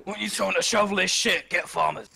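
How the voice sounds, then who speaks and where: A man chatting with friends over voice chat during a poker game, teasing in an excitable way. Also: high voice, a little fast, creaky, crowd noise. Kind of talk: casual gaming chat with friends.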